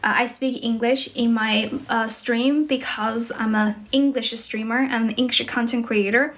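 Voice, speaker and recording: A woman's voice: on the high side, fairly even intonation, measured pace, a bit bright. A young woman from China, speaking English with a Chinese accent, chatting on a livestream as an English teacher and switching between English and Chinese as she answers viewers. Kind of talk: livestream chat.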